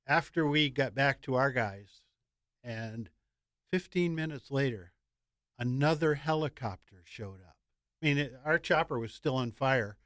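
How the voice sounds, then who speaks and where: A man's voice: medium pitch, fairly bright tone, no echo, studio quality. Wry older man telling war stories. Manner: wry anecdotal storyteller, light chuckles. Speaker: guest, veteran. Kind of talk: interview storytelling.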